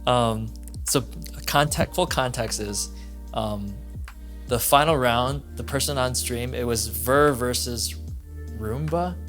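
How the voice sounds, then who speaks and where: A mid-pitched man in casual podcast talk who lays out his point slowly, dotted with hesitant ums. Faint music sits underneath. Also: fairly bright tone. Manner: measured explaining, many "um" fillers. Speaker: podcast co-host. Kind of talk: casual chat.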